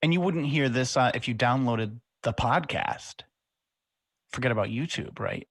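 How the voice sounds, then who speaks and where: A man's voice: medium pitch, normal speed, fairly bright tone, husky, no echo. A man co-hosting a podcast in casual chat, easygoing and asking curious questions. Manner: inquisitive, easygoing, reacts with laughs and short remarks. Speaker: podcast co-host.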